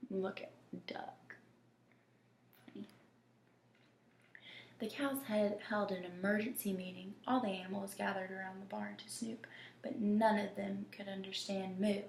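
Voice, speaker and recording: A woman reading a children's picture book aloud, slow and gentle, often dropping to a whisper. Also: medium pitch, steady tone, vocal fry. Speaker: storybook reader. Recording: echoey room with faint noise.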